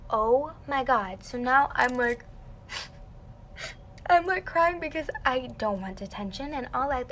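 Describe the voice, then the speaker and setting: A young woman with a bright, forceful voice tells a story to her fans on a phone livestream. She sounds dramatic and animated and fills her sentences with "like". The pitch sits a little high, and a faint ambient hiss runs under her voice. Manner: dramatic, animated, heavy use of "like". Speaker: singer answering fans on a livestream.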